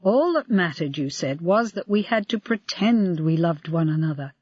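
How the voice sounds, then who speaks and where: A woman's voice: lowish voice, animated, moderate pace, a little mellow, husky, dry recording. Defiant grown daughter, firm and reproachful, reader doing her, lo-fi dry audio. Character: young adult daughter, defiant and grim.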